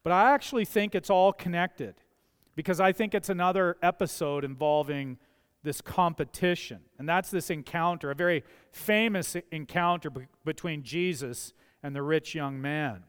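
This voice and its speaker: A man preaches from the pulpit, talking in a chatty way and leaning into his key points. His voice sits high and is clear and smooth. The church livestream carries a long, ringing hall reverb. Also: normal speed, a bit bright. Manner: conversational, anecdotal preaching with rising emphasis. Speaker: pastor. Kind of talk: sermon. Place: church sanctuary.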